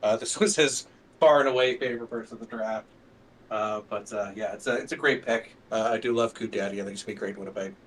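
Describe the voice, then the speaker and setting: A man's voice: on the low side, steady tone, fast, a bit bright, recorded from a distance, a little hiss or hum. Easygoing man, a bit off-mic. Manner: easygoing, dry humor, frequent "uh". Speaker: co-general manager. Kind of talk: casual live draft commentary.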